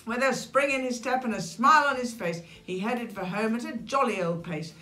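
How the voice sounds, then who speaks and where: British woman in her sixties, animated picture-book reader, echoey room. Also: fairly high pitch, normal speed. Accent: British English. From England. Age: 60s. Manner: animated, expressive, with dramatic gasps. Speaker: children's story reader. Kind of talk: reading a rhyming picture book aloud.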